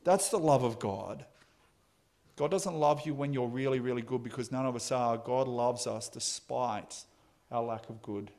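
A man's voice: medium pitch, darkish tone. A man delivers a sermon in an ordinary mid-range voice. He tells a story in earnest, often restarting his phrases and pressing hard on the key lines. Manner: storytelling, halting restarts, emphatic. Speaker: preacher.

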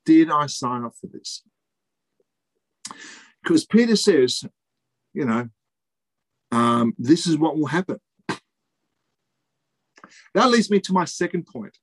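A man preaching a sermon, emphatic, repeating key phrases and pausing for effect. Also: fairly high pitch, big pitch swings, breathy edge, no echo.

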